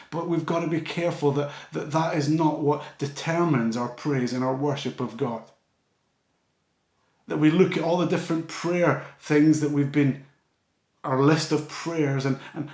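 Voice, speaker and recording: A man preaching a sermon in a church, earnest, often dropping to a soft, low voice for emphasis. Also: normal speed, roomy sound.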